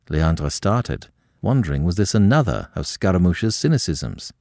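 A man narrating a classic novel in an expressive, measured storytelling manner. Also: low-pitched, dry recording, studio quality. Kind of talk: scripted audiobook narration.

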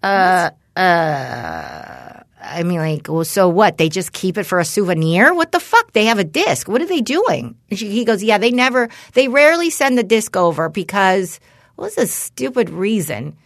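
A woman's voice: medium pitch, very animated, normal speed, no echo, clean studio sound. A middle-aged woman hosting a podcast, telling a story in casual chat with exasperated, profane animation. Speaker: podcast host.

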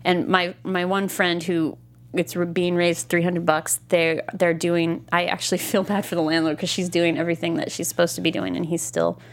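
In a studio, a female podcast co-host chats about a TV show in a relaxed recap, speaking at normal speed with a low voice that barely moves in pitch. Her talk is rambling, full of fillers and restarts, and she's quick to laugh.

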